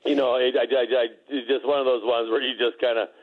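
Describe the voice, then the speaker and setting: A man recalling a game as a former teammate, halting and repeating words as he talks. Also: medium pitch, flat delivery, phone-quality sound. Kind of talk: storytelling.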